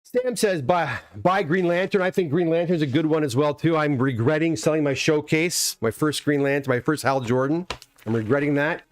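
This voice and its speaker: A middle-aged man from Canada talks through a live stream in a loose, rambling way, stopping to answer viewers. His voice sits a bit high for a man. The sound is dry and close, with no room echo. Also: normal speed. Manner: rambling, chatty, reads chat comments aloud. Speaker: livestream host unboxing graded comics. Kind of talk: casual live-stream chat.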